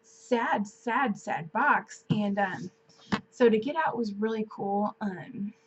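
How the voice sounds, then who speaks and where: Taking it slowly in a mid-range voice, a twenty-something woman vlogger tells a personal story to camera. She's chatty and casual, leaning heavily on "like" and "um", and the recording has its highs cut off plus a little hiss or hum.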